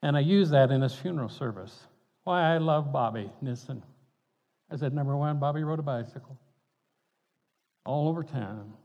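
An older pastor delivers a folksy, conversational storytelling sermon, chuckling between points. His medium-pitched voice has a darkish tone, heard with dull, reverberant hall acoustics.

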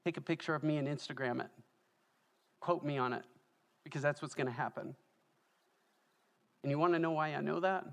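A man preaching as the pastor of a church, emotional and tearful, building to loud, fervent delivery. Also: fairly high pitch, brisk, vocal fry, pauses often. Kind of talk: sermon. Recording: long church hall reverb.

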